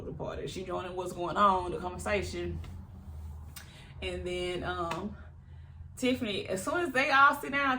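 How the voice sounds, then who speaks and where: A woman's voice: mid-range voice, a bit bright. Woman, casual vlog recap, chatty, laughs a lot, faint background hiss. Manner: chatty, laughs often, quotes cast members in voices. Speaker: YouTube reality TV reviewer.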